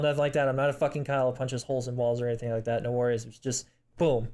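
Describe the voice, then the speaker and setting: A young man talking in a personal vlog, emotional and close to tears, halting with many restarts, apologizing and swearing. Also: medium pitch, level tone, a little mellow. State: emotional, tearing up. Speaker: vlogger.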